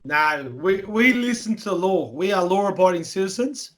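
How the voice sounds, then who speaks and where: High-voiced, matey Australian man host. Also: animated, normal speed, fairly bright tone. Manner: matey, joking, swears freely. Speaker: podcast host. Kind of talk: casual podcast chat.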